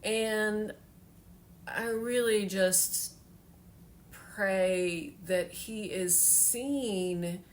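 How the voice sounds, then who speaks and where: A woman's voice: medium pitch, very slow, slight background noise. A woman in her forties telling a personal story in a heartfelt, rambling way with many fillers, tearful at times. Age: 40s. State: tearful, emotional.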